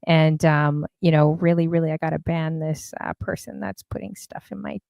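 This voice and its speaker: A woman's voice: sits low, fairly even intonation, moderate pace, vocal fry, a little mellow, no echo. A woman hosting a casual live-stream interview, chatty and a bit scattered. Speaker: host.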